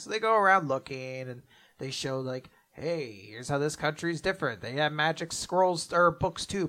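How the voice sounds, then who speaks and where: A man co-hosting a casual manga discussion, retelling chapters loosely with profanity and quick character voices. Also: a little high, bright, forceful tone. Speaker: podcast co-host. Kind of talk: casual manga recap chat.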